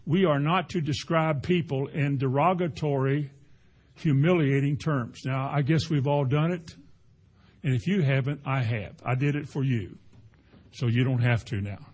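A husky, mid-range male voice at normal speed carries a conversational sermon. The pastor spins homely stories with folksy animation and playful sound effects.

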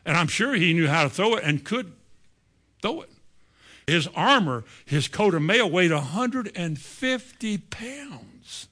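A male pastor preaching an animated, storytelling sermon in a church, often acting out the voices. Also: high voice, unhurried.

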